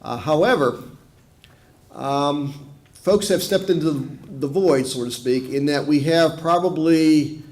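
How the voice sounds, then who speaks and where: Middle-aged virginia guy explaining tax stuff to a committee, bit high voice, lots of uhs. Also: a little mellow. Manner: measured, explanatory, frequent fillers and restarts. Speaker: tax official testifying to a committee. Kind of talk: formal committee testimony.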